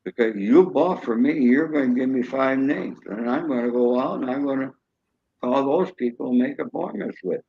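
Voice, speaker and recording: A man's voice: mid-range voice, normal speed, highs cut off, slight background noise. An older man, a show guest, telling folksy stories and acting out cheerful greetings in a raised voice. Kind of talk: storytelling.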